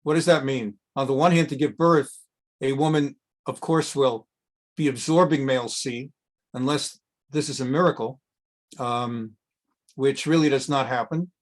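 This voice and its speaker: A man's voice: medium pitch, moderate pace, pauses often. A middle-aged man teaching a casual Bible class as a rabbi, wandering into jokes and reading Hebrew phrases before translating them. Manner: chatty, digressive, tells jokes, reads Hebrew then translates. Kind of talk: informal scripture lesson.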